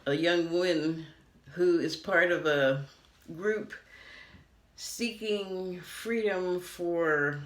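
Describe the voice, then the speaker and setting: A woman's voice: fairly low pitch, extremely slow. An American woman giving a casual TV review, rambling and laughing often. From United States. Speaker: TV critic. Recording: roomy echo.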